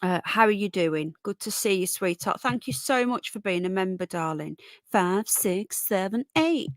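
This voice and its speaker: A woman's voice: medium pitch, expressive, moderate pace, dry recording, clean studio sound. A tired, yawning woman hosting a casual live stream, chatting and greeting viewers by name as darling and sweetheart. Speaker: livestream host.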